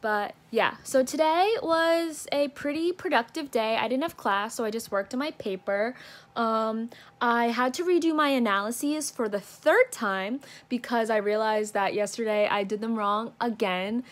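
A woman's voice: a little high, a little slow. A young woman student recording a casual daily video diary, chatty and self-deprecating, often laughing at herself. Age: young adult. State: isolating with coronavirus, no symptoms. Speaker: student vlogger.

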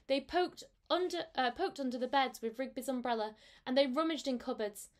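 A woman teacher reading a storybook aloud to her class in a gentle, unhurried way. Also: fairly high pitch.

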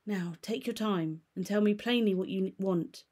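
A woman's voice: medium pitch, moderate pace, darkish tone, natural voice. A woman reading aloud and voicing a stern, easily irritated middle-aged male lawyer with a peevish, commanding manner. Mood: coaxing.

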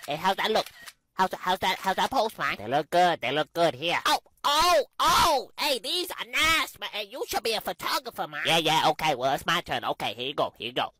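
Brash, bright-voiced woman doing comedy sketches. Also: lowish voice, expressive, brisk, slight background noise. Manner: slangy, brash, playfully bossy. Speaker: sketch comedian playing several parts.

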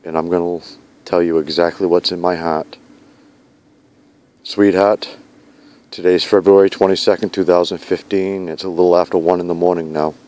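A man's voice: sits low, little pitch movement, moderate pace, pauses often, a little mellow. A man recording a heartfelt video message to his fiancée outdoors in a snowy park at night, speaking in an earnest, pleading way with repeated vow-like lines. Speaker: vlogger addressing his fiancée.

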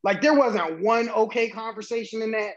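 A man's voice: sits high, normal speed, dull audio. Blunt joking man on a podcast. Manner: blunt, joking, laughs often. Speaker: podcast co-host. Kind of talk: casual chat.

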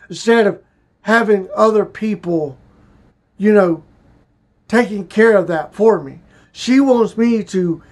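Slow, halting high-voiced man. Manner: slow, halting and emotional, with restarts. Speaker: vlogger. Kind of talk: personal confessional vlog.

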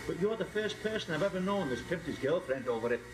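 An actor playing a defensive middle-aged farmer with a Liverpool accent who keeps calling people mate. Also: male voice, fairly high pitch, quick pace, music in the background, lightly acted. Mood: scoffing. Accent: Liverpool (Scouse). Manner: blustering, animated, calls people mate. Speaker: farmer, cousin of a lookalike. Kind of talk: film acting. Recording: film audio with background noise.

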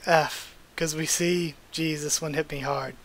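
A young man reads a comic aloud to his channel and stops often to react. His voice sits fairly high for a man, and he talks in an animated, openly emotional way. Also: measured pace, no echo. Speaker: channel host reading a comic.

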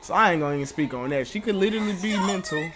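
Brief: young male reaction host, slightly high voice, blunt joking casual commentary with profanity. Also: expressive, racing, noisy background.

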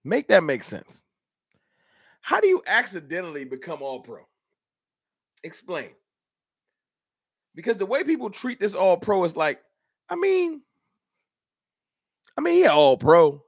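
High-pitched, fired-up fan show host. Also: male voice, wildly swooping pitch, measured pace, gravelly, long pauses, husky, dry recording, studio quality. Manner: heated, rhetorical, talks straight to chat. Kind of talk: animated live-stream sports rant.

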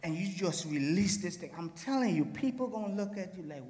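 A man's voice: high-pitched, lively intonation, a little fast, a little mellow. A man in a church Bible study speaking fervently in a preacherly way. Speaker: congregant. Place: church sanctuary. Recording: echoey church with long reverb.

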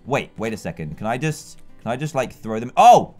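A man commentating a video game as he plays, excitable and laughing, talking to himself as the game unfolds. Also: mid-range voice, moderate pace, soft background music. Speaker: gaming YouTuber. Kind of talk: let's play commentary.

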